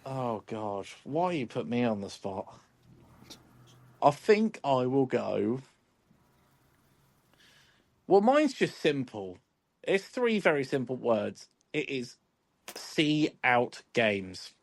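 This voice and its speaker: A man's voice: mid-range voice, sing-song, takes it slowly, creaky, long pauses, darkish tone, no room sound. A man hosting a football podcast, laid-back and chuckling, with lots of ums. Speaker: podcast host. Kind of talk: casual chat.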